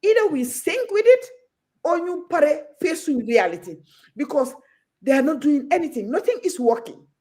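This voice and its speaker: A woman's voice: high-pitched, big pitch swings, normal speed, dark tone. A Gambian woman talking as a guest on a talk show, outspoken and passionate, moving freely between Wolof and English.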